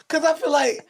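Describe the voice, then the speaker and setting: A man co-hosting a casual comedy chat, telling stories in an animated way, breaking into laughter and mimicking people. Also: extremely high pitch, vocal fry. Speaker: co-host.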